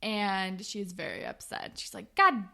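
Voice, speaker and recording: A woman's voice: a little high, moderate pace, a bit bright. A young woman co-hosting a podcast, casually recapping a TV episode and acting out the characters' lines. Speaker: podcast co-host.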